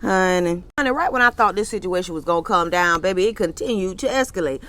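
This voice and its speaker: A woman hosting her own show, giving an animated, gossipy recap of a reality series full of slangy asides and exclamations. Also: lowish voice, fast talker. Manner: animated and sassy, with slangy asides like honey and child; laughs and exclaims often while retelling scenes. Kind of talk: casual gossipy recap commentary.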